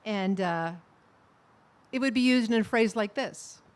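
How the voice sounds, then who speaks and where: A middle-aged woman speaks at a memorial service and shares personal stories about a friend. She tells them in a warm, anecdotal way and laughs softly between memories. Her voice sits at an ordinary middle pitch for a woman. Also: measured pace. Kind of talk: personal eulogy.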